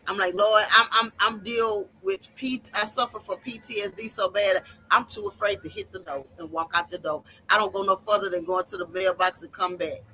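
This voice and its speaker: Woman streamer, impassioned and preacherly, bright, piercing tone with faint background noise. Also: medium pitch, rough recording. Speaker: livestream host. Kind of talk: personal testimony livestream.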